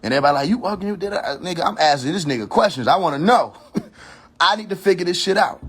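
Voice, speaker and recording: A man with a fairly high, expressive voice hosts his own social media livestream, talking fast in a fairly bright, slightly rough tone. His casual rant is heated, preachy and profane, and he keeps repeating his warnings and restarting sentences as he thinks aloud.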